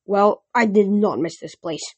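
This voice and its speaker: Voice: medium pitch, unhurried, husky. A reader voicing a moody, snappish male god of wine in an audiobook. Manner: snappish, languid. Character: moody, bored wine god, grieving man.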